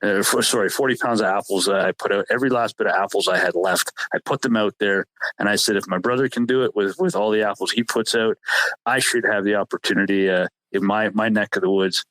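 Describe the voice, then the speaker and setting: Low-voiced man telling a hunting story. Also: fairly even intonation, fairly bright tone, dry recording, rough recording. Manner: halting, repeats words and restarts often. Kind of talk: casual storytelling chat.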